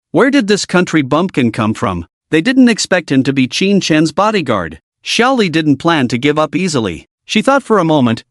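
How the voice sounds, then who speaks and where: Man with an animated narrating voice. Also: fairly high pitch, dry recording, studio quality. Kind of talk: scripted story recap narration.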